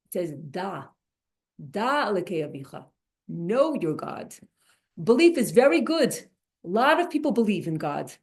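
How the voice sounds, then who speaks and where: A woman teaching a Torah class, animated and restarting her sentences often. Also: medium pitch, moderate pace. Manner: animated, many restarts and repeated words.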